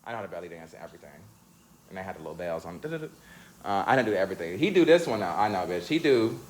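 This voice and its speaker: A young man chatting casually to his viewers, sassy and slangy, breaking into laughs and high squeals. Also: animated, racing. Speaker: vlogger.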